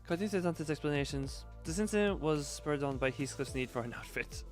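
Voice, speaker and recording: Playful streamer reading game lines. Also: male voice, a little high, lively intonation, fairly quick. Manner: playful, joking, often reads lines in a hammy voice. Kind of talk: casual live-stream game commentary and dialogue reading. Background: game music.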